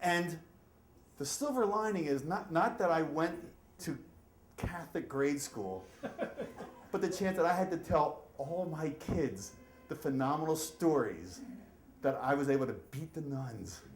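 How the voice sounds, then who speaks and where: A middle-aged man performs a story live at a storytelling event, his pitch swinging widely as he acts out the scenes. The voice carries an echoey room sound with faint ambience behind it. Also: a little slow, slight background noise. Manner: animated, acts out shouts and voices.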